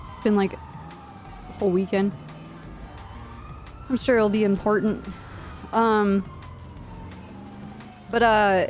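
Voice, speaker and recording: A young woman streamer chats casually, telling a long story in a blunt, profane way, padded with fillers. Her voice sits at an ordinary middle pitch. Faint music plays behind her. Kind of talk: casual storytelling while live streaming a game.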